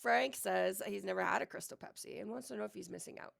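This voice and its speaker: Gravelly-voiced co-host, a bit under the weather. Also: mid-range voice, fast, a bit bright. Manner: giggly, easygoing. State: slightly sick voice. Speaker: podcast co-host. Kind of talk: casual chat.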